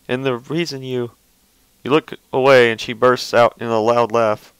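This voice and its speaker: A man's voice: medium pitch, fairly even intonation, moderate pace, smooth, dry recording, low-quality recording. A man reading fan fiction aloud, often stumbling over words and breaking off into casual, offhand asides. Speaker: reader.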